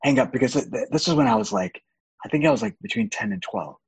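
Young male guest, very husky and gravelly, lively pitch, open and candid. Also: fast talker, no echo, low-quality recording. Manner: open and animated, laughs often. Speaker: podcast guest. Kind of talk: candid casual chat.

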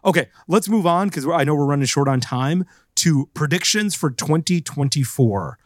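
A man's voice: a little high, lively intonation, moderate pace, no echo, clean studio sound. A man co-hosting a podcast in casual chat, rambling with lots of fillers and restarts. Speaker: podcast co-host.

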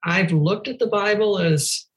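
An older woman speaking as a podcast guest, reflecting thoughtfully and gently on scripture in conversation. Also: medium pitch, measured pace, rough recording.

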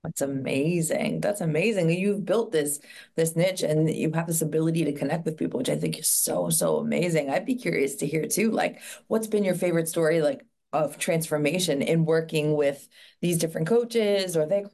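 A woman's voice: sits low, normal speed, darkish tone. A woman hosting a podcast interview, praising her guest effusively and asking open questions. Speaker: podcast host.

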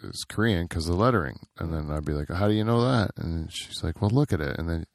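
A middle-aged man talking loosely on a podcast, wandering through thoughts with plenty of "like" and "uh." His voice sits fairly low, and the close mic leaves it dry with no room sound. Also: quick pace, no room sound. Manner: rambling, laughs often, many fillers. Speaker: podcast co-host. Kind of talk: casual chat.

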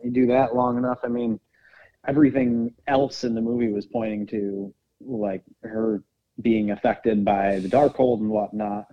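A man's voice: mid-range voice, mellow, poor audio. A man co-hosting a podcast in casual chat, explaining his theories at length and thinking aloud. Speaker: podcast co-host.

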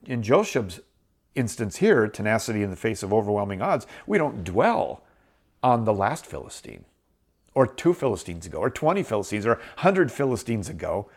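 A middle-aged man hosts a show and talks through a Bible story. His voice sits at an ordinary pitch, and his delivery is earnest and encouraging. He often doubles back to repeat words for emphasis. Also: big pitch swings, moderate pace. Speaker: host. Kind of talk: Bible teaching talk.

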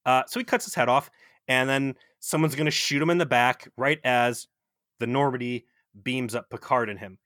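A man recaps a TV episode with profane, animated storytelling. His voice is bright and forceful, and the sound is close and dry with no room around it. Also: mid-range voice, normal speed, no echo. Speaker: podcast co-host. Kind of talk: casual chat, TV episode recap.

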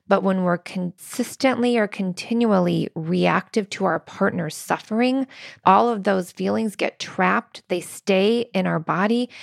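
A woman's voice: mid-range voice, vocal fry, no echo, clean studio sound. A woman in her thirties co-hosting a relationship podcast, telling stories in an earnest way with quoted dialogue. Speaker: podcast co-host. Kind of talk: casual relationship talk.

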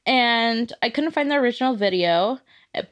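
Podcast co-host, woman, bright higher voice, giggly and animated. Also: moderate pace. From United States. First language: Spanish speaker from childhood. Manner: giggly, animated storytelling with laughter. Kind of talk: casual chat.

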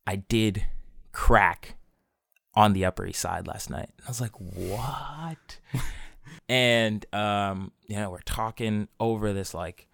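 A young man, low in pitch, tells a long story in loose, rambling casual chat and laughs along the way. His voice is smooth and clear, recorded dry and close with no room sound. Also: fairly even intonation, measured pace, fairly bright tone, no room sound.

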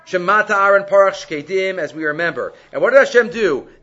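Man, Torah class, animated lecturing, high bright voice, muffled lo-fi sound. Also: brisk. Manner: animated, mixes Hebrew quotes with English explanation. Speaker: Torah teacher.

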